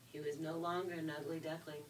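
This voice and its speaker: A woman reading a children's story aloud in a gentle, expressive way. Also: low voice, brisk. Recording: distant mic, faint hiss.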